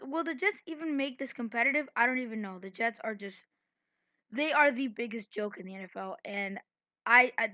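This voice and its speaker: Woman host, bright voice, chatty football picks, computer mic, dry and muffled. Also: medium pitch, dry recording. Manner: chatty, filler-heavy, restarts mid-sentence. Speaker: sports channel host. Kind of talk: casual sports picks commentary.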